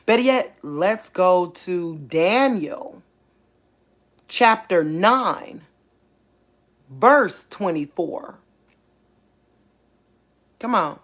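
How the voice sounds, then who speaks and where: Woman thinking aloud in a low voice. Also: drawn-out words, long pauses. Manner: excited, thinking aloud, repeats herself. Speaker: online faith channel host. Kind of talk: casual livestream talk.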